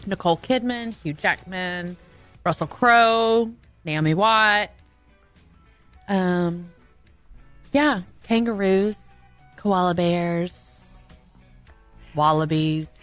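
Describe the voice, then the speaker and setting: A woman's voice: on the low side, very slow, pauses often, a bit bright, clean tone, no room sound, faint music behind. A woman co-hosting a casual chat, listing things and dropping dry one-liners. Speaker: co-host.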